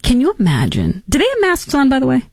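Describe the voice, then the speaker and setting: A woman in her thirties hosting a show, talking in casual, sarcastic commentary and jumping into high mocking voices. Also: wildly swooping pitch, fast, darkish tone, slightly rough, dry recording. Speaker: host.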